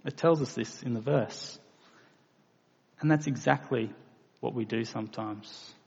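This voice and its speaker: A man's voice: mid-range voice, measured pace, gravelly, slightly rough. A man preaching a sermon, earnest and plain-spoken, acting out quoted voices now and then. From Australia. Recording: lo-fi recording in a reverberant hall.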